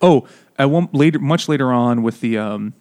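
A man's voice: mid-range voice, darkish tone. A man co-hosting a casual podcast chat, mocking and laughing often as he talks. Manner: laughing, mocking, does quick silly voices for quotes. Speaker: podcast co-host.

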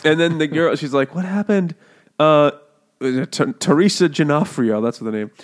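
A man's voice: fairly high pitch, normal speed. A man co-hosting a book podcast, rambling through the plot with crude jokes, laughing often and putting on voices for the characters. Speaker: podcast co-host. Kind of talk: crude comedic book chat.

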